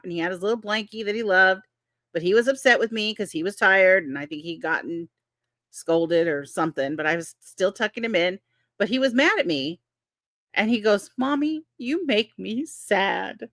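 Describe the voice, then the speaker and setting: A woman in her fifties hosts a relaxed live chat, telling family stories with lively animation and frequent laughter. Her voice sits at an ordinary pitch, and the recording is close and dry, with almost no room sound. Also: a little fast, dry recording. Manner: laughs often, animated storytelling. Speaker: host. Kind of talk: casual chat reading live comments.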